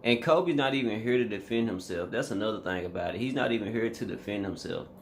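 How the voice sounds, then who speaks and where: A man's voice: lowish voice, fast talker, slight background noise. A man vlogging a casual reaction commentary, emphatic and slangy, talking straight to his viewers.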